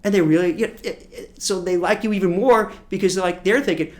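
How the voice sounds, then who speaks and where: A man from Brooklyn, a recruiter, giving a lively coaching lesson on job interviews, often repeating words and acting out what people say. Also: sits high, fast talker, few pauses. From Brooklyn, New York. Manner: animated, repeats words, acts out quotes. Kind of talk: coaching masterclass talk.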